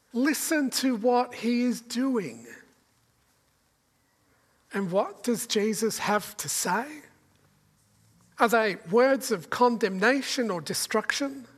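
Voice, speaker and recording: A woman preaching a sermon in a slow, deliberate way, asking the listeners many rhetorical questions. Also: a little high. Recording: long reverb of a large hall.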